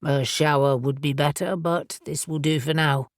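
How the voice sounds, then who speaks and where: A woman's voice: sits low, fairly even intonation, moderate pace, dry recording, clean studio sound, voice pushed down, natural voice. A woman voicing a composed, proud male warlock who talks in a firm, clipped way.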